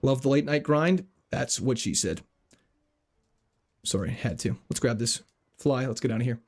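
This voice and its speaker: A man streaming a video game, chatting casually with his viewers, joking around and reading their messages out loud. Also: medium pitch, moderate pace. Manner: jokey, animated, reads chat aloud. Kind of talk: casual livestream commentary.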